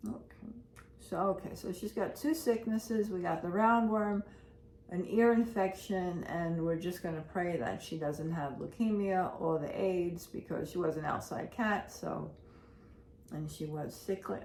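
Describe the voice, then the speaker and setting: Speaking at a measured pace in a lowish, darkish voice, the woman vlogs casually about her day at home. She's a pet owner who rambles, repeating herself in an anxious and emotional manner; the audio is roomy, with faint noise in the background.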